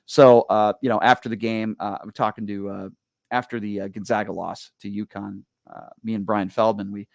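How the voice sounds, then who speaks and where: A male radio show host telling stories in casual chat, animated and full of quick restarts. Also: on the low side, creaky, no room sound. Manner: rapid, animated, stumbling restarts.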